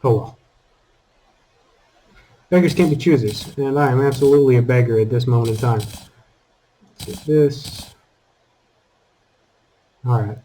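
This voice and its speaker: A man giving casual commentary over his own gameplay, taunting enemies and breaking into high exclamations. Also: a little slow, long pauses, a little hiss or hum, poor audio. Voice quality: calls his own voice squeaky. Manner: animated, talks to enemies, jumps to high exclamations. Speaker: gaming channel host.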